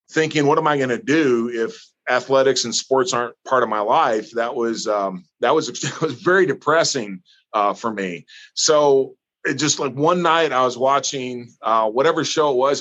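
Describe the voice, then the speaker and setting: A man's voice: mid-range voice, lo-fi sound. A man from northern Missouri, a guest telling stories in a casual interview and acting out the people in them. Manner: animated storyteller, acts out others.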